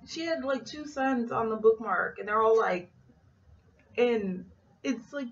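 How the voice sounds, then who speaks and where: Female flight attendant, vlogger; gravelly, fry-heavy voice, animated storyteller who acts out each character's lines, recorded a bit off-mic on dull lo-fi audio. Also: on the high side, normal speed, distant mic. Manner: animated retelling that acts out quoted dialogue. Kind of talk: casual storytelling vlog.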